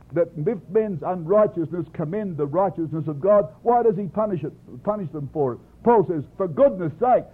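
A man preaching a sermon, expounding scripture in an earnest, emphatic way and often addressing the congregation directly. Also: on the high side. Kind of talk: sermon, Bible exposition. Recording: tinny phone-like lo-fi recording.

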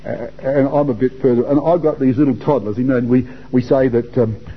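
Husky older man teaching a Bible class. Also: medium pitch, fairly even intonation, a little fast. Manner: chatty, repeats words, asks listeners questions. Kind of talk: informal Bible talk to young men. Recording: dull lo-fi recording.

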